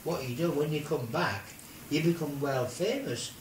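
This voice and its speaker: An older man, a grandfather, telling a silly made-up story in an animated way, with squeaky put-on voices for the people in it. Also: normal speed, background noise. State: ill. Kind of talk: playful bedtime-style storytelling. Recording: roomy home video from a distance.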